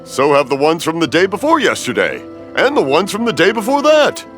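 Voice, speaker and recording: A man's voice: on the high side, wildly swooping pitch, a little fast, soft background music. A cheerful rambling old father. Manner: rambling, mishears, laughs warmly. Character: older man, hard of hearing, cheerful rambling father. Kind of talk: video game dub.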